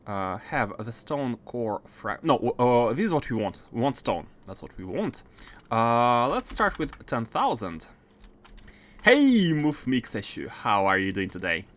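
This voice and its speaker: A man's voice: mid-range voice, big pitch swings, a little slow, a bit bright. A man streaming a factory-building game, thinking aloud in casual commentary with lots of fillers and restarts, keyboard typing behind him. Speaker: gaming streamer.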